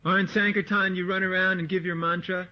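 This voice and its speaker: A man giving a lively, informal lecture to devotees, mimicking people and laughing as he talks, recorded on an old tape. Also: high-pitched, brisk, a little hiss or hum. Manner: animated, mimics voices, laughs often. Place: meditation hall or farmhouse room. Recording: dull lo-fi 1979 tape recording.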